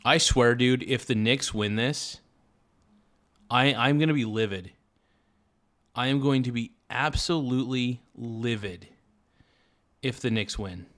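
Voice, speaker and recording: A man live-streaming, chatting casually and giving an excitable, frustrated play-by-play with frequent swearing. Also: mid-range voice, slow, long pauses.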